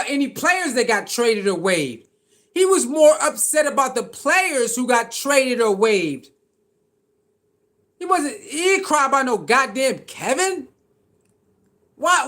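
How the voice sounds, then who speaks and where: A man's voice: very high-pitched, a bit bright. A man giving heated, slangy reaction commentary on football, repeating his points as he rants. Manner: heated, slangy ranting with repetition. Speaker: sports commentator.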